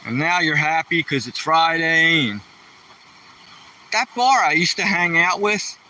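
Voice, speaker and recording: Far from the microphone, a slightly high-pitched host runs through corny gags and jokes about himself in a rambling, casual stream. He speaks a bit slowly but expressively, with a bright, forceful tone.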